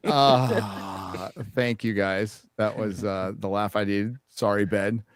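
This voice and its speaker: A man's voice: lowish voice, steady tone, slow, a crowd in the background. A man hosting a casual live stream, laughing easily and chatting with his guest. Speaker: host.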